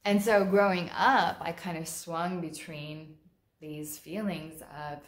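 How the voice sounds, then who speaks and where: A woman's voice: fairly low pitch, steady tone, slow pace. A woman therapist speaking in a casual, frank and conversational way, acting out quoted lines vividly. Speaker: mental health therapist. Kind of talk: casual monologue talk. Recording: roomy echo.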